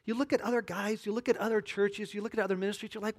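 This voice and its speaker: Speaking high and at a racing clip, this male pastor preaches in a conversational way. He keeps asking "right?" and "okay?" and climbs into lively, animated bursts.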